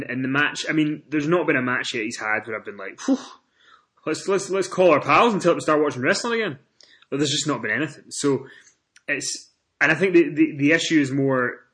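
A man co-hosting a casual wrestling podcast, telling stories with animated swings in pitch and loudness. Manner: animated storytelling, rises in pitch and volume when excited. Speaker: podcast co-host.

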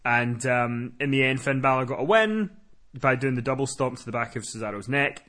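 A man recapping wrestling in casual podcast chat, animated and swearing. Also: mid-range voice, normal speed. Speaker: podcast co-host.

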